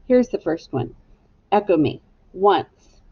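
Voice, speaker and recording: A woman teacher giving a slow, patient phonics lesson to young children, spelling words out letter by letter. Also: on the low side, big pitch swings, slightly rough. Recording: dull lo-fi home video sound.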